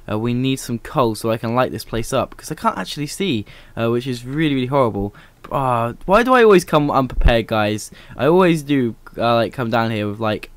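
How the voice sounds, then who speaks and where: A man's voice: medium pitch, smooth, no room sound. A young man giving casual, rambling let's-play commentary as host of a gaming channel, full of "uh" fillers and upbeat remarks.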